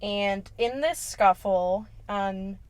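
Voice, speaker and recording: A woman's voice: mid-range voice, very slow. Sassy young woman recapping a movie. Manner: sassy, swears, acts out characters in slangy voices. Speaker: podcast co-host. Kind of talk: casual horror movie recap.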